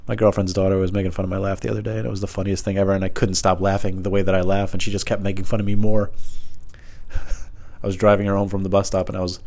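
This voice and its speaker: A man's voice: little pitch movement, fast talker, gravelly, darkish tone. A young man hosting a solo podcast from home, rambling and self-deprecating. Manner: self-deprecating, meandering, puts on squeaky voices for others. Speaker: podcast host. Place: home room, alone.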